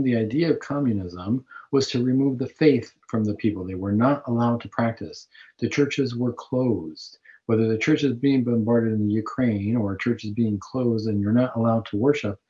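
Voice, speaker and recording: A man's voice: mid-range voice, normal speed, warm tone. Earnest man hosting Catholic radio. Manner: earnest, preaching, with fillers and restarts. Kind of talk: radio talk show monologue. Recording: dull lo-fi radio audio.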